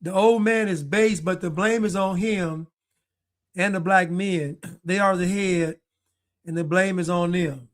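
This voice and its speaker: A man with a notably high voice talks casually to his livestream audience. He muses aloud, trails off and restarts his thoughts, and reacts to the clips he plays. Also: steady tone, unhurried. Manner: chatty, musing, trails off and restarts. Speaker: livestream commentator. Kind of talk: casual live-stream commentary.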